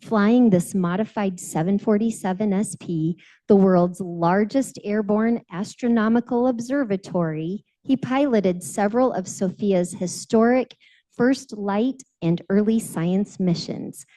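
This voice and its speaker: Female host, steady formal reading of a speaker bio, mellow tone. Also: medium pitch, measured pace, low-quality recording. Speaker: meeting host introducing a speaker.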